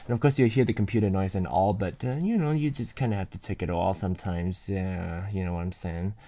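Speaking briskly in a low, mellow voice, a man chats live from bed into a computer's binaural mic, drifting from topic to topic with frequent laughter and casual profanity.

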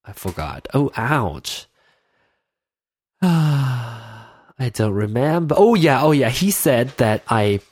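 A man's voice: mid-range voice, sing-song, very slow, long pauses, a little mellow, slightly rough, no echo. A man hosting his own podcast in casual solo talk, his nose stuffed up, rambling and often losing his train of thought. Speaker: podcast host. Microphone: in-ear headphones with mic.

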